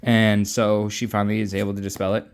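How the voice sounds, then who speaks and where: A man's voice: lowish voice, monotone, quick pace, over music. A man casually recapping a novel's plot in a chatty, offhand way, acting out quotes. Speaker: book recapper.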